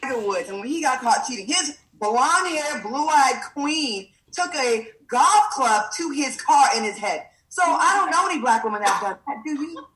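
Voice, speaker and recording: A woman's bright, forward voice sits a little high. She chats conversationally on a talk show and reads out viewer comments. The clip sounds roomy and echoey. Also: lively intonation, moderate pace, hardly any pauses.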